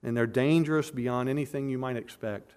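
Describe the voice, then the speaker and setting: An earnest man delivers an expository sermon with a mid-pitched voice. He is emphatic, pressing his points hard and often restarting or repeating words as he builds. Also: fairly even intonation, brisk, darkish tone, clean tone. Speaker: pastor.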